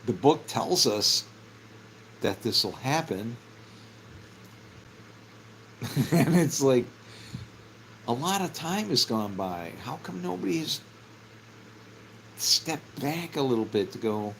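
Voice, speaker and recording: Slow, gravelly middle-aged man musing. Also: mid-range voice, very animated, fairly bright tone, slight background noise, rough recording. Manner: rambling, laughs often, casual swearing. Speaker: vlogger. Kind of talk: casual spiritual musing.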